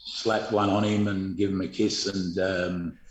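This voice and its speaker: A middle-aged Australian man, a former footballer, telling stories in a rambling, halting way full of fillers and restarts. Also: low-pitched, little pitch movement, reverberant, low-quality recording. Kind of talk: casual storytelling interview.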